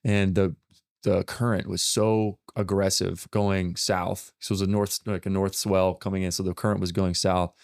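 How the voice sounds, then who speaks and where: A man hosting a podcast, telling a story in a rambling, excitable way full of fillers. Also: low voice, normal speed, vocal fry, no room sound, studio quality. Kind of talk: casual storytelling in conversation.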